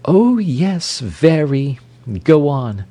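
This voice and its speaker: A man reading aloud, voicing a bitter, mocking farm wife with a shrill, scornful manner. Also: sing-song, drawn-out words, warm tone, heavily acted.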